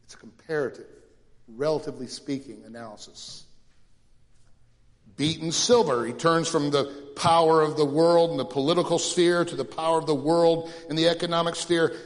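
A male pastor preaching a sermon dramatically, rising to loud questions and dropping to hushed lows. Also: fairly even intonation, moderate pace, in a large hall.

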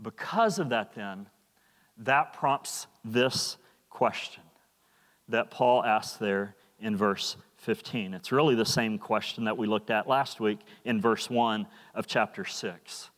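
A man's voice: lowish voice, takes it slowly, a bit bright. A man preaching a sermon in a church, earnest and emphatic, often repeating words. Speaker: pastor. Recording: long hall reverb.

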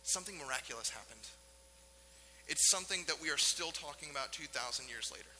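A male pastor delivers an earnest, emphatic sermon from a church sanctuary, leaning on dramatic pauses. His voice sits high and rings with a sharp, bright edge. A long reverb trails each phrase, with a faint hum underneath. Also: lively intonation.

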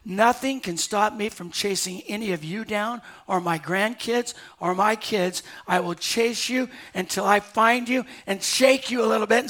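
An older man, a pastor delivering a sermon to a live congregation, moving between quiet, slowed passages and loud, urgent appeals. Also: sits high. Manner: swings from hushed to loud and urgent.

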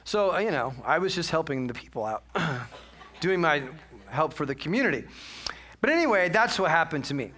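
A man's voice: a little high, big pitch swings, moderate pace, sharp tone. A man preaching a sermon in a casual, chatty storytelling way, self-mocking and full of asides. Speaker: pastor.

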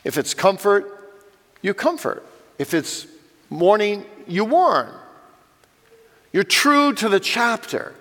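Older man, earnest Bible teacher, slightly high voice, long church-hall reverb. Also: very animated, slow pace, long pauses, a bit bright. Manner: earnest, direct address to parents.

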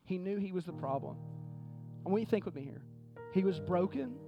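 A man preaching a sermon to his congregation, moving from hushed pleading to fervent exhortation. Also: high-pitched, expressive, fairly quick, lo-fi sound. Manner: repetitive preacher cadence, addresses the congregation directly. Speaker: pastor. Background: music.

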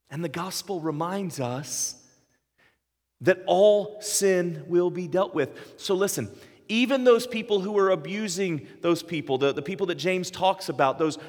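A man's voice: on the high side, long reverb tail. A man in his forties preaching a sermon, earnest and emphatic, building up with repeated phrases. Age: 40s. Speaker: pastor.

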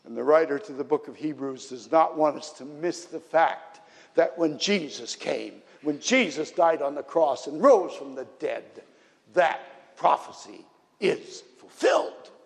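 A man's voice: on the high side, expressive, unhurried, gravelly. A man preaching a sermon in a church, speaking earnestly and building to emphatic peaks. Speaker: pastor. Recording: long hall reverb.

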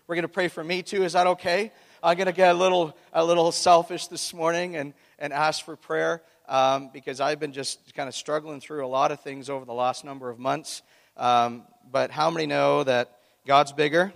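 A man's voice: mid-range voice, vocal fry, a bit bright. A man preaching a casual sermon as pastor, chatty and talking straight to the congregation. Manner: chatty, talks to the congregation, restarts often. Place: church hall. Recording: reverberant church hall.

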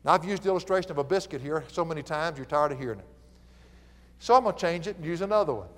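Animated Southern preacher in a hall. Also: male voice, fairly high pitch, quick pace. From American South. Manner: folksy, animated storytelling with chuckles. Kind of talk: sermon.

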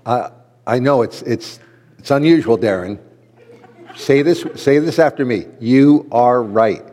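A man's voice: mid-range voice, animated, a little slow, darkish tone. A man teaching a sermon-style lesson to men as a pastor, earnest and repeating key phrases for emphasis. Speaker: pastor teaching a men's class. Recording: long hall reverb.

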